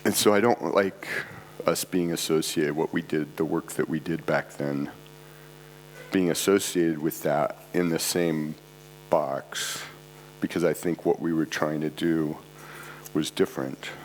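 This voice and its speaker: Low-voiced guy rambling thru a talk at an art club, stuffy nose, faint hum behind. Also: fairly even intonation, a little slow, poor audio. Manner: casual, digressive, self-deprecating asides. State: congested. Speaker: conference presenter. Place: art club event space, live audience.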